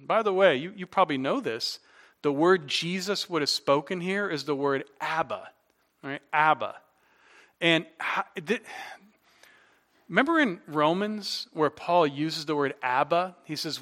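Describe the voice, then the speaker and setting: A man delivers a sermon in a high-pitched voice. He keeps it conversational, tossing rhetorical questions at the listeners. His tone is bright and forward. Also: lively intonation, normal speed. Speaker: pastor.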